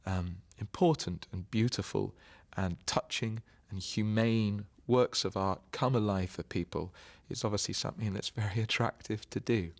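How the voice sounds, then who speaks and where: A man, an actor, giving measured, explanatory interview answers. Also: lowish voice. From Britain.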